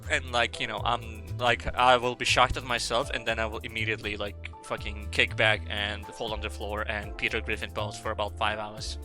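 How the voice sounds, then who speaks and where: A man's voice: fairly low pitch, little pitch movement, normal speed, hardly any pauses, sharp tone, faint music behind. A young man streaming live, chatting casually in a rambling, profane and self-mocking way.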